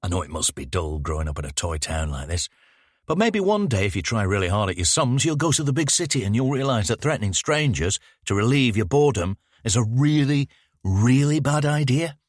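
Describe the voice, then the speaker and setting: A man voicing a haunted male detective who speaks in a low, close and dryly sardonic way. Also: big pitch swings, fairly quick, dry recording. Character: haunted adult male detective, wry and calm.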